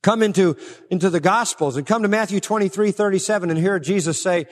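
Male preacher, high-pitched, emphatic sermon delivery, long hall reverb. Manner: emphatic, swings between raised stresses and low, slow drops.

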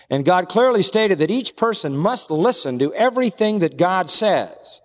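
A man preaching a sermon, reading Scripture passages slowly and deliberately between his own teaching. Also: a little high, lively intonation, in a large hall. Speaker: pastor.

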